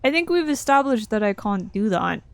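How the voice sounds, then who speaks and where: A woman's voice: fairly high pitch, very animated, a little fast, dry recording. A young woman live-streaming a game from her desk at home, chatting casually with lots of swearing and laughing asides.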